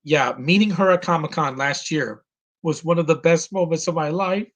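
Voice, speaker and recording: A man in his thirties, near tears, giving an earnest and halting live commentary as host of his own stream. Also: on the high side. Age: 30s.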